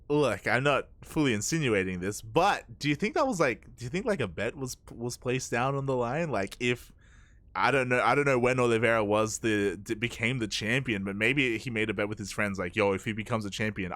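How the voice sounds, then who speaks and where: A man casting a live esports match, excitable and rambling as he chats and laughs with his co-caster. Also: mid-range voice, normal speed, dry recording. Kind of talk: casual live game commentary.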